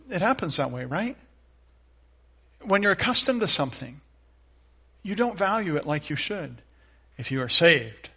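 A middle-aged man preaching a sermon as a pastor, earnest, moving from loud emphatic lines to soft, hushed ones. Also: on the high side.

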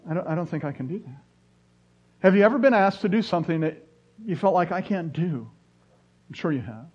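A man's voice: high voice, animated, a little fast, a little mellow, husky. A middle-aged man, preaching a sermon and telling stories with rising bursts of emphasis. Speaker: pastor. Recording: dull lo-fi sound.

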